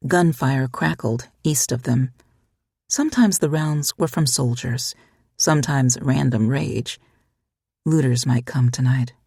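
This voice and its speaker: An audiobook narrator reading a short story in an even, measured way. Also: medium pitch, creaky, breathy edge, no echo, studio quality. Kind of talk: scripted narration.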